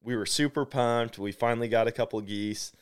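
A man hosting a podcast and telling a story in a casual, animated way, full of "like" fillers. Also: mid-range voice, a little fast, clean tone. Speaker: podcast host.

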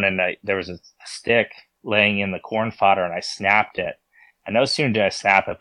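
A man's voice: lowish voice, a bit bright, no echo. A man, a podcast guest, tells a hunting story in an interview, often stumbling and repeating words as he goes.

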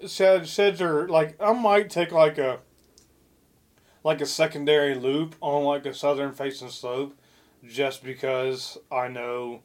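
A young man chatting on a podcast, rambling through a story with lots of fillers and restarts and plenty of swearing. His voice sits a little higher than most men's. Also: fairly even intonation, slow pace. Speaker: podcast co-host. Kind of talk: casual chat.

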